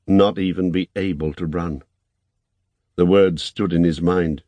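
A man narrating an audiobook in a calm, measured reading. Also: sits low, dry recording.

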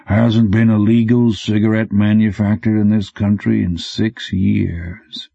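A man voicing a weary, mournful male informant in an audiobook, talking slow, flat and sad. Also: on the low side, vocal fry, breathy edge, no room sound, heavily acted. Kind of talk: audiobook character voice. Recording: dull dry recording.

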